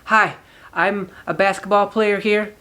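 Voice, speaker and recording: A man's voice: sits high, steady tone, unhurried, bright, forceful tone, pitched above the performer's own voice. A man doing an eager, wholesome young college recruit. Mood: earnest. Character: naive polite young male college recruit.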